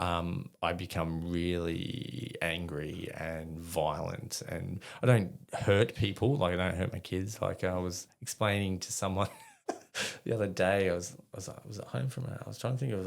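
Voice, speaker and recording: Gravelly deep-voiced Australian man. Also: darkish tone. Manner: rambling, swears freely, laughs at himself. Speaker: guest, army veteran. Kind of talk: casual storytelling in an interview.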